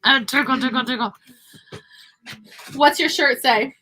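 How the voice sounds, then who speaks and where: A woman's voice: fairly high pitch, moderate pace, long pauses, bright, forceful tone. A young woman, a homeschooling mother, chatting casually to her viewers while her young daughter eats beside her. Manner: chatty, talking with her child between points. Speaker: homeschooling mother and online teacher. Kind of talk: casual talk to camera.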